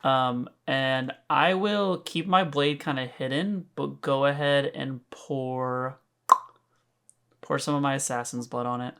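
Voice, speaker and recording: Young male player, mid-pitch, easygoing banter. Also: fairly even intonation, slow pace, a bit bright, clear, resonant tone. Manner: casual, laughs often, swears. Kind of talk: casual tabletop chat.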